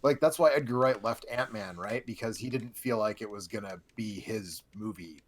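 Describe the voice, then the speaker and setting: A man's voice: fairly low pitch, normal speed. Chatty laughing man on a podcast. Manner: laughs often, chatty, trails off mid-sentence. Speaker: podcast co-host. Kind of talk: casual group chat about movies.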